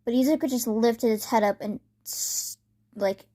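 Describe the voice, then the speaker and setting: A woman's voice: on the high side, unhurried, warm tone. A woman casually retelling a fan fiction story, rambling with many fillers.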